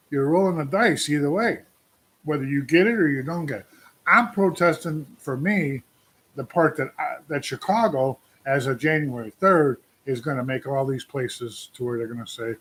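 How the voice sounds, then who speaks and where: A trucker in his sixties hosts a casual livestream where he vents, rambles, and puts questions to his viewers. His voice is on the high side and a bit bright, moving at a moderate pace.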